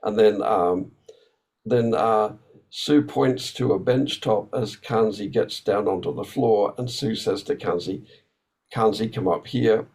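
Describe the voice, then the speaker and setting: A man with a somewhat low voice delivering an academic workshop talk. He explains ideas in a thoughtful, unhurried way, often hesitating with fillers and breaking off to restart sentences. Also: darkish tone, low-quality recording. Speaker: academic speaker.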